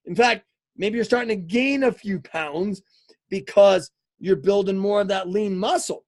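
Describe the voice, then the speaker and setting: Man, very high-pitched, energetic fitness coach, emphatic, repeats himself, live-stream talk. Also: moderate pace. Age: adult, married eighteen years. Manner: energetic and emphatic, repeats words, often asks "okay?".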